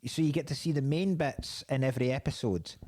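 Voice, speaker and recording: A man's voice: medium pitch, a little fast, dark tone. A man co-hosting a podcast, chatting casually and enthusiastically about a film, swearing freely and restarting his sentences. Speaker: podcast co-host.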